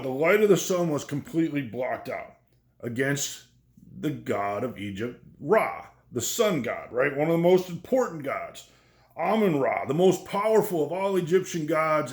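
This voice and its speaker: A man teaches a lesson on biblical history, his voice sitting a little high for a man. He talks in a loose, conversational way and keeps checking in with his listeners. The room around him is echoey. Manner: conversational, checks in with "right?" and "okay?".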